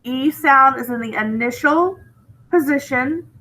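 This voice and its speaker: A woman teaching a spelling lesson, her voice a little high and bright. She speaks very slowly and patiently, drawing out each word so young students can follow. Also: low-quality recording.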